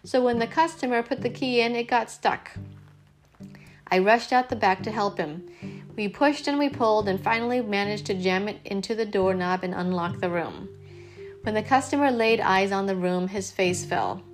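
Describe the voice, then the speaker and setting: A woman reading a novel aloud in the first person, with expressive, lively narration. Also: medium pitch, moderate pace, soft background music. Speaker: audiobook reader.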